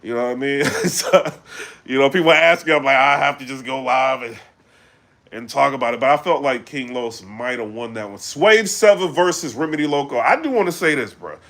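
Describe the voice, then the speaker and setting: A man chatting casually on a live stream, animated and full of fillers, breaking into loud shouts when he gets excited. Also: mid-range voice, a little fast, vocal fry. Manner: animated, loose, full of fillers like "you know what I'm saying". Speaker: battle rap commentator.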